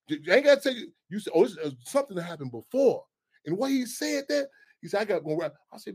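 Middle-aged radio host, high voice, animated, heated, swears freely. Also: male voice, quick pace, slightly rough. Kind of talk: casual talk radio monologue.

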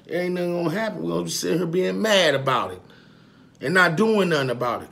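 A man vlogging to his followers in a casual monologue, emphatic and profane, repeating his points and swinging from quiet confessions to loud outbursts. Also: a little high, lively intonation, quick pace, creaky.

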